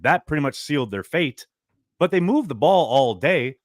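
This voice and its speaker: A man talking as a guest analyst on a sports radio show, emphatic and quick with his points. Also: fairly high pitch, very animated, no room sound, studio quality. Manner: emphatic, rapid analytical talk. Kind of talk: casual sports radio chat.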